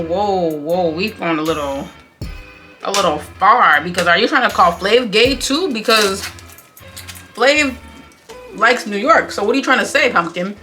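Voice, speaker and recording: Young woman vlogger, sassy and blunt, crisp bright voice, faint music behind. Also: mid-range voice. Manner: sassy, blunt, opinionated, uses slang. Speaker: commentary vlogger. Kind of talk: casual reality TV recap commentary.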